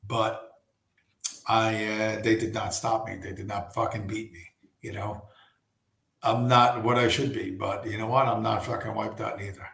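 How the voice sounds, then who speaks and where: A man hosting a casual late-night livestream from home, hoarse and losing his voice, talking in a rambling, profane way full of restarts. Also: lowish voice, flat delivery, moderate pace, fairly bright tone, roomy sound. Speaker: livestream host.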